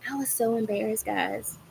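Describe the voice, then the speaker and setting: Middle-aged woman, casual livestream host, animated storyteller, medium pitch, faint hiss in the background. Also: poor audio. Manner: animated, acts out quoted lines with rising pitch. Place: small home patio garden, outdoors.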